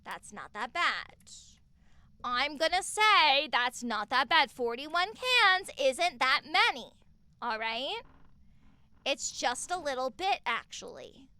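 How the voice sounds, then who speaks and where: A woman streaming live from home on a desk mic, chatting casually, excitable and swearing freely as she gushes thanks at her viewers. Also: high voice, slow, dry recording.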